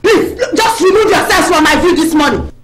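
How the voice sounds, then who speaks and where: An actress with a Nigerian accent playing a sharp-tongued, quarrelsome wife who mocks and insults. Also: female voice, extremely high pitch, expressive, normal speed, slight background noise. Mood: taunting. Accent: Nigerian Pidgin-tinged English. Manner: taunting, insulting.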